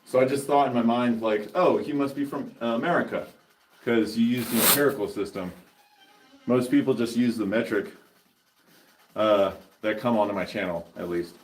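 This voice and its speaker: A man's voice: mid-range voice, moderate pace, reverberant, soft background music. A man hosting a fitness channel, chatting casually and laid-back with viewers during a workout.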